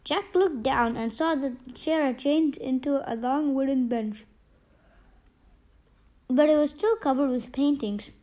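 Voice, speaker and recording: A woman's voice: high-pitched, unhurried, mellow, rough recording. A woman narrating a children's storybook steadily, with small slips. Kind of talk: storybook reading.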